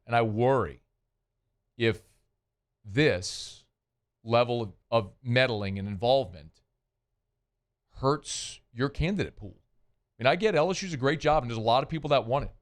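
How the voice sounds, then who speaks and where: A man hosting sports talk radio, speaking conversationally and giving his opinions with plenty of fillers and restarts. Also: mid-range voice.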